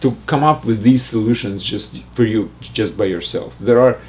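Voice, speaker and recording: An older man teaching math, working slowly through a logic puzzle aloud with frequent restarts. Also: lowish voice, darkish tone, a little hiss or hum. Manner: halting, restarts and fillers while reasoning aloud. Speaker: math lecturer.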